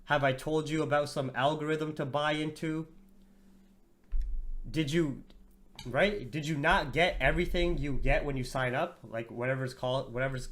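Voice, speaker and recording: A worn-out man running a live trading stream, his slightly high voice loose and unpolished. He talks to viewers like friends, slangy and quick to swear. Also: fairly even intonation, a bit bright. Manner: profane, slangy, chats with viewers as "bro". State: tired. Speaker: trading livestream host. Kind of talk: casual livestream market commentary.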